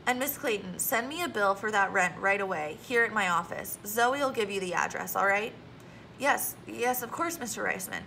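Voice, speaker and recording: Lady reading a kind lawyer guy in a storybook, quiet, earnest, a bit lower than her own voice. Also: expressive, moderate pace, gravelly, slight background noise, poor audio. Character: male lawyer, grown man, kindly and earnest.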